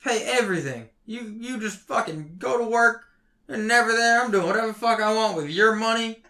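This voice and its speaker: A young man ranting heatedly on a casual podcast, swearing constantly and swinging between loud outbursts and low mutters. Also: a little fast. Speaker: podcast co-host.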